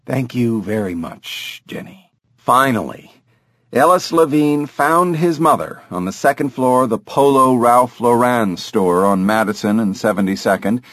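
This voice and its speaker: A man narrating an audiobook in an expressive, animated reading style. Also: mid-range voice, no room sound, clean studio sound. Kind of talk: scripted narration.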